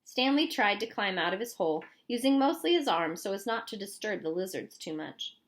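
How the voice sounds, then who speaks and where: A woman reading a novel aloud in a clear, steady storytelling manner. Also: medium pitch, brisk. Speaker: audiobook reader.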